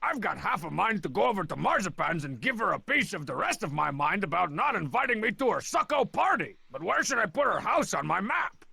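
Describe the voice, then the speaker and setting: An actor playing a boastful, scheming cartoon tough guy in a video game, with a gravelly, theatrical voice. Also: high voice, big pitch swings, brisk, few pauses, sharp tone, dry recording, exaggerated voice. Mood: gleeful.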